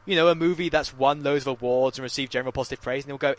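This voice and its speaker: A man co-hosting a casual podcast chat, telling animated stories, swearing freely and mimicking other people. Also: a little high, racing, few pauses. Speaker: podcast co-host.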